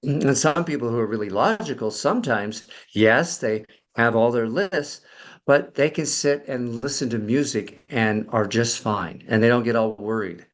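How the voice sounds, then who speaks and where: A man's voice: mid-range voice, normal speed. A middle-aged man, a podcast guest and emotional coach, explaining at length with many fillers and restarts. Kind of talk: conversational explanation.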